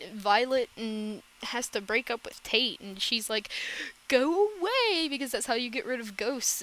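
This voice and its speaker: A woman's voice: fairly high pitch, pushed and bright, slight background noise, rough recording. A woman chatting casually in a rambling, profane reaction vlog. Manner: rambling, profane, quick asides. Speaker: reaction vlogger.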